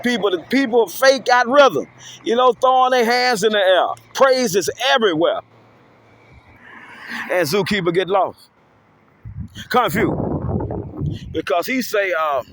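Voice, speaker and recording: High, lively rambling man. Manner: animated, preachy, repetitive call-outs; speaks of himself in third person. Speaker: self-styled local activist vlogger. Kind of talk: rambling improvised monologue.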